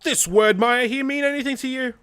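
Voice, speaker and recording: Brief: man playing a shouty game detective, gruff, put-on bogan twang, pitch pushed up. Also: animated, normal speed, dry recording. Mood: blustering. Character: loud gruff male police detective. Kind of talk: reading game dialogue aloud.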